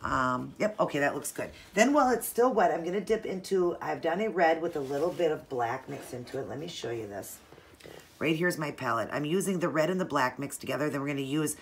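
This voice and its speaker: A woman talking through a nail art tutorial in a chatty, relaxed way, explaining each step as she works. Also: low-pitched, a little fast, a little hiss or hum.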